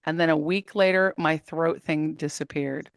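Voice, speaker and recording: Interview guest: woman, 30s, low-pitched, animated storyteller who laughs easily, close dry mic. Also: moderate pace, creaky, clear, resonant tone, dry recording. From United States. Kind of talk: casual interview talk.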